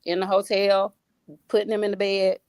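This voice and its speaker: A woman's voice: medium pitch, monotone, moderate pace, a little mellow, smooth, no echo. A woman guest on a faith talk show, a single mother, speaking with a preachy, repeating style full of restarts.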